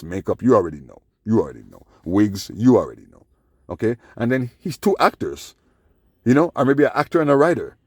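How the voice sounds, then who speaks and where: Deep-voiced man rambling to camera. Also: husky, dry recording. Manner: rambling, repeats "man" and "yeah", drifts between low mutters and loud bursts. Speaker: channel host. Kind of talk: rambling casual monologue.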